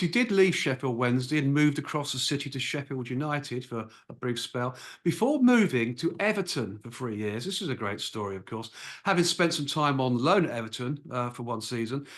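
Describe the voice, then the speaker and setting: Appreciative English interview host. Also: male voice, fairly high pitch, a bit bright. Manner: appreciative, reads career summaries. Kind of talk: interview hosting.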